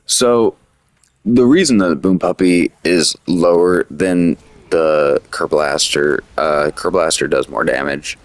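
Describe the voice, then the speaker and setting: A man's voice: very deep voice, takes it slowly, no echo. A man giving casual, rambling gameplay commentary, full of fillers and restarts, with the hiccups. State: has the hiccups. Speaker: gaming commentator.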